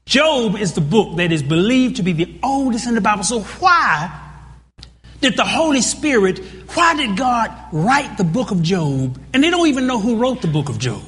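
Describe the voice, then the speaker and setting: A man's voice: very high-pitched, sharp tone. A man preaching a sermon, emphatic and full of rhetorical questions to the congregation. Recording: reverberant hall sound.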